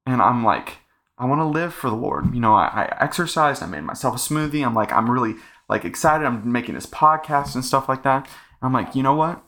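A man's voice: medium pitch, animated, brisk, pushed and bright. A young man hosting a casual faith podcast, talking earnestly in a rambling way full of fillers. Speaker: podcast host.

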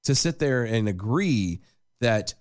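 A man's voice: mid-range voice, expressive, slow. A man hosting a podcast in casual, sarcastic political banter, often quoting and mimicking others. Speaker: podcast host.

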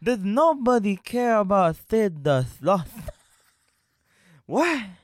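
A man's voice: high voice, very animated, drawn-out words, no room sound, studio quality, pitched above the performer's own voice, exaggerated voice. A man imitating a whiny, lisping male cartoon sloth in a raised, pleading voice.

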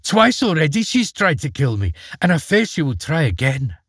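A gentle young princess, earnest and fearful, as a male storyteller voices her. The pitch rises and falls widely and the tone is slightly husky, recorded dry and close. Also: big pitch swings, normal speed, no echo, heavily acted. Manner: anxious, earnest.

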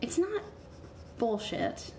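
A woman voicing a mysterious, calmly menacing woman who knows everything about everyone, in a tabletop game. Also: fairly high pitch, takes it slowly, heavily acted. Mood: ominous. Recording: echoey room, faint noise.

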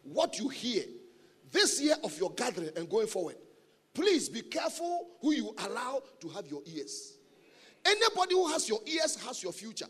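A man preaching a sermon as a guest speaker at a church gathering. He is animated and humorous, and he repeats his key phrases for emphasis. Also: very high voice, normal speed, slightly rough. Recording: long reverb of a large hall.

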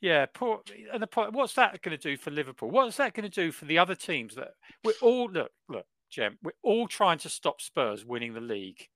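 A man co-hosting a football podcast, ranting in an exaggerated, animated way. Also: fairly high pitch, normal speed, hardly any pauses, no room sound. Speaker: podcast co-host. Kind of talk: casual football chat.

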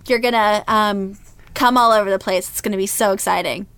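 A woman's voice: medium pitch, steady tone, a little fast, a bit bright, clean tone, no room sound. A woman co-hosting a podcast, chatting casually and enthusiastically and laughing often. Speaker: podcast co-host. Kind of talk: casual chat.

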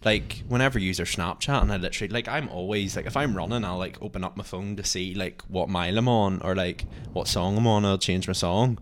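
A young man with a very low voice chats on a podcast. He rambles loosely, with "like" in nearly every phrase. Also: brisk, few pauses. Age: young adult. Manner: rambling, heavy use of "like". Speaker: podcast co-host. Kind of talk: casual chat.

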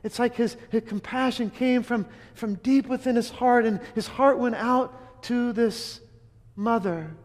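High-voiced man preaching in a reverberant hall. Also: a little slow. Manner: earnest storytelling with restarts and emphatic repeats. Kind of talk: first-person dramatic sermon monologue.

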